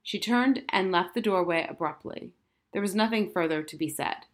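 Audiobook narrator, woman, fairly low voice, steady expressive reading. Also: moderate pace. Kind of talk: scripted narration.

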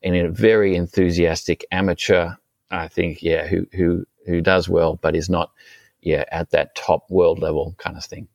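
A very low-voiced man chatting on a podcast. He talks in a thoughtful, meandering way, full of ums and uhs. The sound is close and dry, with no room around it. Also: little pitch movement, moderate pace, gravelly, darkish tone, dry recording. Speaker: podcast co-host. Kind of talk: casual chat.

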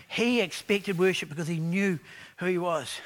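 A man preaching a sermon, animated and conversational, telling stories to his congregation. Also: sits high, normal speed. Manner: animated preaching with acted quotes; conversational storytelling. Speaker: pastor.

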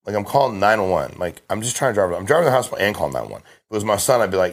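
A man's voice: lowish voice, sing-song. A middle-aged man talking casually on a podcast as a guest, telling stories with emphasis and lots of restarts. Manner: fast, emphatic storytelling with frequent restarts. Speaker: guest, insurance sales agent.

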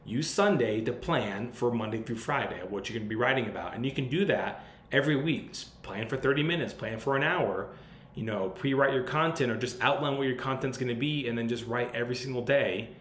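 A man's voice: mid-range voice, brisk, a bit bright. A man hosting a podcast, giving casual advice in a blunt, loose way and swearing freely. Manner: blunt and profane, loose and conversational. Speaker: podcast host. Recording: roomy sound with faint background noise.

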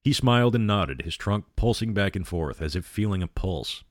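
A man reading a horror novel aloud as a storyteller, with steady, measured narration. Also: on the low side, no room sound, studio quality.

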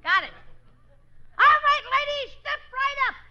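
An actor playing a cheeky young kid with sarcastic, quick comebacks in 1940s radio comedy. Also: very high-pitched, animated, sharp tone, heavily acted. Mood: sassy. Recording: dull lo-fi old radio, hissy, roomy.

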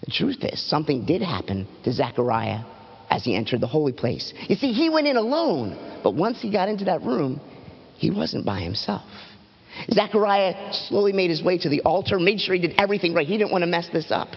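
Animated man telling a children's sermon. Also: a little fast, slightly rough, in a large hall, dull audio. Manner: dramatic, animated storytelling with big pitch swings. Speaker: children's pastor. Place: church platform.

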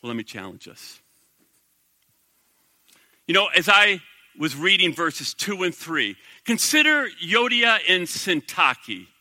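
A middle-aged male pastor preaching a sermon in a conversational, animated way, full of rhetorical questions to the congregation. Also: sits high, slow, long pauses, dry recording.

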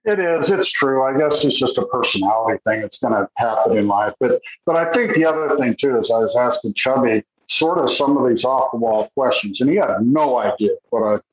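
A man telling stories from his interviews in a casual chat, lively and quick to act out what people said. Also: reverberant, low-quality recording. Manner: animated, jumps into high voices when quoting people. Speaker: author recounting interviews with golfers.

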